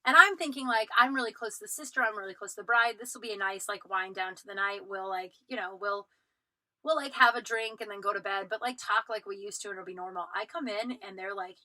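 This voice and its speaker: A young woman spills a messy personal story on her podcast, swearing freely and voicing the other people in it. Her tone is piercingly bright, and the recording is dry and close with no room sound. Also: medium pitch, fast talker, no echo, rough recording. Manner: animated retelling, acts out quotes, frequent "like" fillers, swears freely. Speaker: podcast host. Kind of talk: casual storytelling monologue.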